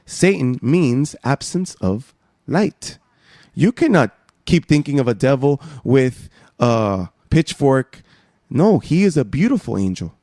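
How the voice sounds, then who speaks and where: A man preaching a sermon, emphatic, swinging from soft asides to raised exhortations. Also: mid-range voice, dry recording, studio quality.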